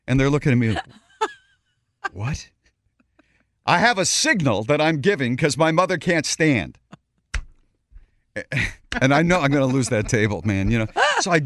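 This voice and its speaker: A man's voice: mid-range voice, expressive, a little fast, no echo. A man hosting a radio show, telling a story in a casual way and acting out other people's voices. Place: radio studio.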